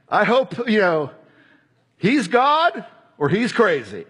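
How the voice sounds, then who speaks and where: A man preaching a sermon, animated, acting out crowd voices and shouting at times. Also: sits high, slow, long pauses, husky.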